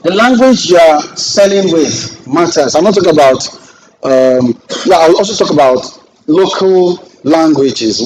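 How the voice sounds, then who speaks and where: Nigerian guy teaching a class, bit high-pitched, joking around and acting out little scenes. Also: a little hiss or hum, low-quality recording. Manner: lively, joking, acts out client exchanges. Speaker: real estate trainer. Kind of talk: classroom lecture with anecdotes.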